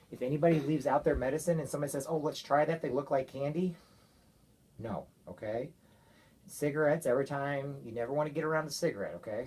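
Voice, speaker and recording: A father giving his young daughter an earnest, gentle talk, often checking with "okay?". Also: medium pitch, husky. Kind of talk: heartfelt talk to his child.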